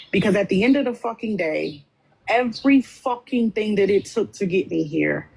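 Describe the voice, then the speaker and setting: Woman, husky, confrontational livestream panelist, swears freely. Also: mid-range voice. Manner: blunt, profane, confrontational. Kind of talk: heated livestream argument.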